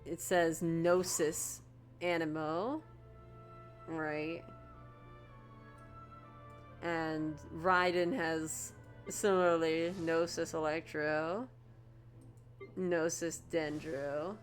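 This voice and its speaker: A young woman streaming a game, gushing and stammering excitedly as she reacts to the story. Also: deep voice, drawn-out words, long pauses, soft background music. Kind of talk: casual game stream commentary.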